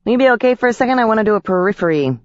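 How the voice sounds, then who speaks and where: Woman narrator voicing a tiny male pixie, cheeky, high-pitched, quick banter, dry dull recording. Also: expressive, no echo, close to an everyday voice. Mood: teasing.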